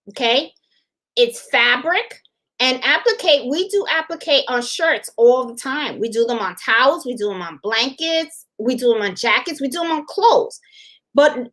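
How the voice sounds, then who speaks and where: Chatty woman host for a live crafting demo, high voice, slightly hoarse, keeps checking in with viewers. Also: a bit bright. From Puerto Rico. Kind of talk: casual live demonstration.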